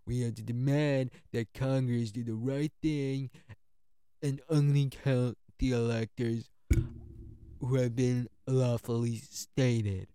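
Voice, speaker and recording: A man doing a comedic impression of a brash, combative older male politician, loud and emphatic. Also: mid-range voice, fairly even intonation, clean tone, dry recording, close to an everyday voice. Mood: rousing. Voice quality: exaggerated, deliberately nasty-sounding impression. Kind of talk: comedic impression within a narrated history talk.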